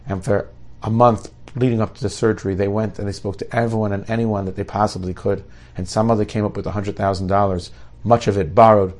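A middle-aged man telling a story in an animated, lively way. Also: lowish voice. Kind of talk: oral storytelling.

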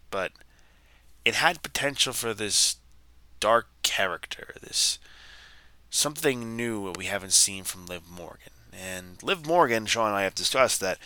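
A man's voice: deep voice, bright, forceful tone, no room sound. A man hosting a podcast, retelling a wrestling segment in a rambling, exasperated way with frequent restarts. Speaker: podcast host. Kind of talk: casual wrestling recap.

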